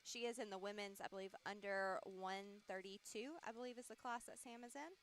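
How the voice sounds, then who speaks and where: A woman's voice: mid-range voice, a little fast. A woman commentating on a strongman livestream, bantering casually with her co-host and calling the lifters by name. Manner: chatty, friendly banter with co-host. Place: outdoor strongman meet.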